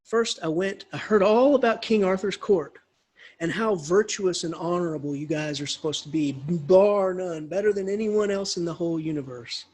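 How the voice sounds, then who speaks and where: A chummy, scolding knight who lays out his test plainly, as a lecturer puts him on. The voice is husky and sits high, with a relaxed, conversational delivery. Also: moderate pace. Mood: explaining. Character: gruff male knight, tester, scolding.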